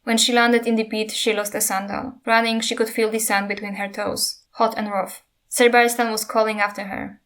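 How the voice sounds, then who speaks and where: A woman narrating a passage from a fantasy novel in a steady, even storytelling manner. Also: on the high side, moderate pace, few pauses. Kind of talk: reading a novel aloud.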